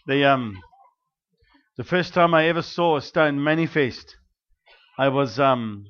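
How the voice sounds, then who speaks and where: A man preaching, first praying aloud and then telling stories in an animated way, with many fillers and restarts. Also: medium pitch. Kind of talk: prayer and sermon storytelling. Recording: dull lo-fi recording.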